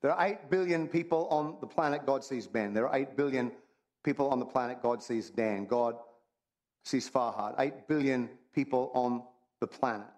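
Man preaching a lively, joking sermon. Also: medium pitch, normal speed. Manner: conversational and humorous, repeats phrases. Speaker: pastor.

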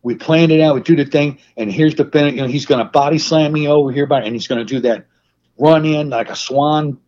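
A man being interviewed as a guest, telling animated, profane stories in casual chat. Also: fairly high pitch, a little fast. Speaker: guest, wrestling manager. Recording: muffled lo-fi sound.

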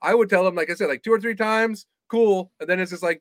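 High-voiced man, casual podcast chatter. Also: quick pace, no echo. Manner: rambling, filler-heavy, joking. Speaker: podcast co-host. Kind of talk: casual chat.

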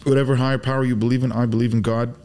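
A man who grew up in the Arab world, talking as a guest in a casual podcast conversation, an animated storyteller who acts out quotes and swears freely. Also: mid-range voice, rapid-fire, clear, resonant tone.

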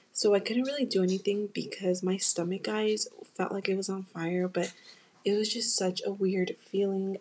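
A woman's voice: medium pitch, darkish tone, slightly rough. A young woman from the United States hosting a podcast, telling a personal story in a candid, emotional way and talking straight to her listeners. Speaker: podcast host. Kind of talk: casual confessional storytelling.

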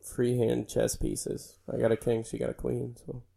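A man's voice: mid-range voice, completely flat delivery, normal speed, creaky, mellow. A man co-hosting a podcast, laid-back and teasing, mostly giving short replies. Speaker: podcast co-host. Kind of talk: casual chat.

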